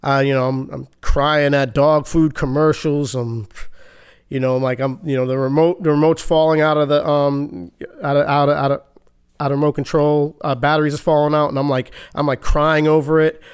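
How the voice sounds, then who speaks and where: A man giving an earnest, halting personal recovery testimony, often restarting his sentences. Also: a little high, flat delivery, clean tone. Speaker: speaker sharing his recovery story.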